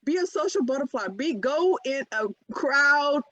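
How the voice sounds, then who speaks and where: Animated woman podcast host, dry dull sound. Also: high-pitched, measured pace, no echo. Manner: animated, exclaims "bam", acts out quotes. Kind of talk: casual chat.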